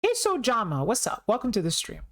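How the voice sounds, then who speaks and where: A woman's voice: on the high side, huge pitch swings, a little fast, fairly bright tone. A young woman streamer chatting casually and joking with her viewers while playing, often repeating herself.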